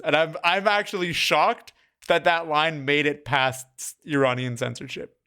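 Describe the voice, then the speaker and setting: A man's voice: on the high side, fairly even intonation, a little slow, sharp tone, smooth. A man co-hosting a casual film chat, thoughtful and earnest. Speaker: film podcast co-host.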